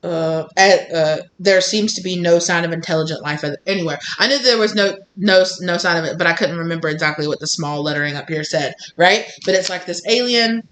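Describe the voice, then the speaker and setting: A brisk, slightly bright mid-range voice with few pauses delivers a tarot reading straight to viewers. The reader is blunt and emphatic, repeating phrases, acting out others' lines, and swearing casually.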